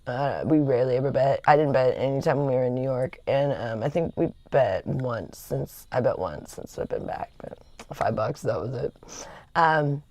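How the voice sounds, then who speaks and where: A woman's voice: rumbling low, normal speed, mellow, dry recording. A woman chatting casually on a livestream, rambling with lots of fillers and laughter. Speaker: livestream host. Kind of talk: casual chat.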